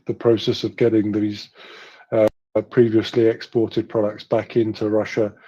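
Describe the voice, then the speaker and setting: A man with a low, husky, mellow voice speaks in an even, flat tone on a live online audio panel. He weighs his views carefully and hedges them. The audio is muffled like a streamed call. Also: normal speed. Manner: hedging, thoughtful. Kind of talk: casual analytical discussion.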